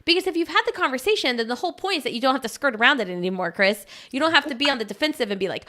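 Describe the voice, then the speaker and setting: A woman with a Southern American accent co-hosting a casual live chat, lively and quick to laugh as she acts out example lines. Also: high-pitched. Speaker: podcast co-host.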